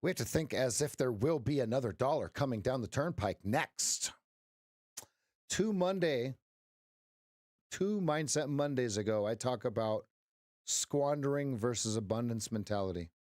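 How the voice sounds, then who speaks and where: A man's voice: medium pitch, animated, a little slow, darkish tone, no echo, studio quality. A middle-aged man hosting a live trading stream, chatting casually with viewers, joking and giving folksy pep talks. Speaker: livestream trading host. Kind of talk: casual livestream chat with viewers.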